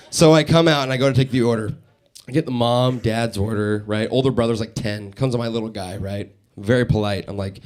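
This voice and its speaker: A young radio host does a live stand-up set in a studio before a small audience, telling animated stories, acting out characters and laughing a lot. His mid-range voice moves at a quick pace.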